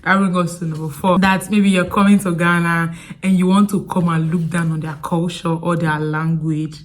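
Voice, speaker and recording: A woman's voice: lowish voice, normal speed. Chatty Nigerian woman vlogging. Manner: chatty, digressive, animated storytelling. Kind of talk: sit-down storytime vlog.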